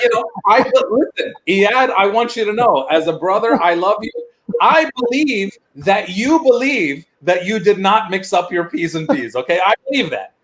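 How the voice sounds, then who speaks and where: A man performing a stand-up comedy set online, telling animated stories and mimicking his immigrant father. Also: high-pitched, a little hiss or hum. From United States. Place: virtual event, video call.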